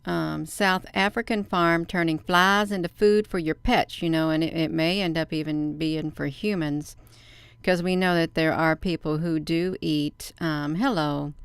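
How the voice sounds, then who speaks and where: Female host, casual live-stream commentary, talks straight to viewers, smooth voice, dry room. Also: low-pitched, steady tone, unhurried, no echo. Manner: chatty, laughs often, addresses viewers as "you all". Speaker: livestream host. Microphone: phone.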